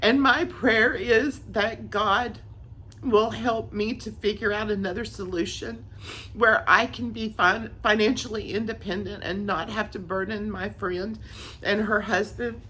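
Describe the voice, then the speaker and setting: A woman's voice: mid-range voice, steady tone, measured pace, sharp tone, slight background noise. A woman telling an emotional personal testimony, earnest and tearful, repeating herself as she goes. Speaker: vlogger sharing a faith testimony.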